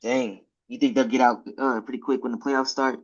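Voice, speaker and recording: A man's voice: mid-range voice, very animated, moderate pace, gravelly, muffled recording. A man co-hosting a casual sports talk show, mostly asking short questions. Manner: brief, prompting questions. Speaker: co-host.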